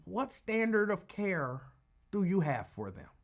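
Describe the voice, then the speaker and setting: Animated talk radio host, man. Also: high-pitched, unhurried. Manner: animated, conversational, drops into asides. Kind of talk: casual call-in talk radio.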